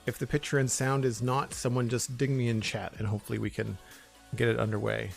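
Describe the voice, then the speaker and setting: A friendly man talks casually through a live stream, chatty and easygoing. His voice sits at a middling pitch. Quiet music plays faintly behind him. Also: little pitch movement, a little fast, creaky. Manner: friendly, chatty, thanks supporters by name. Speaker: streamer building Lego.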